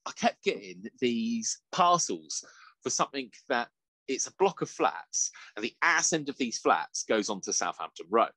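A man's voice: medium pitch, moderate pace, dry recording. A man, telling stories in casual chat, swearing a lot and laughing as he goes. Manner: sweary, animated storytelling with laughs. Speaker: podcast co-host.

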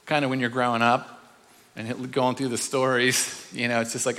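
A man teaching a sermon, animated and full of rhetorical questions, sometimes acting out voices. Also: medium pitch, moderate pace, long reverb tail. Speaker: speaker.

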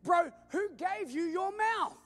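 God, a commanding male deity, booms out slow, emphatic lines in a strained high register, as a preacher puts him on. Faint music plays behind. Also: lively intonation, fairly bright tone, heavily acted. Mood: booming. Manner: emphatic, drawn-out declarations.

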